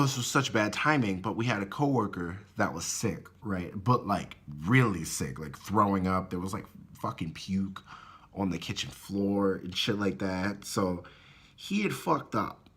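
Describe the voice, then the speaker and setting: A man telling a story in a casual vlog, swearing often and talking in an animated way. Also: on the low side, husky. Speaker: vlogger.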